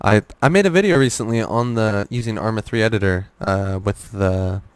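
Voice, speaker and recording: A man's voice: fairly low pitch, moderate pace, clean tone. A young man as a podcast guest, rambling through gaming stories with lots of fillers and restarts. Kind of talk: casual podcast interview.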